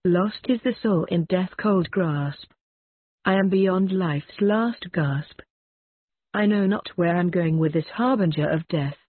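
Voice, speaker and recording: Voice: mid-range voice, takes it slowly, no room sound. A reader voicing Vivienne, a frightened dying woman pleading with Death in a recited ballad. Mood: fearful. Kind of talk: reading a ballad aloud. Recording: husky voice on a tinny phone-like line.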